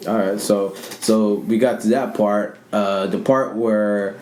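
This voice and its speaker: A man's voice: fairly low pitch, steady tone, slow, darkish tone. A man co-hosting a casual podcast, recapping the story and adding dramatic asides. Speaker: podcast co-host. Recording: roomy sound with faint guitar music.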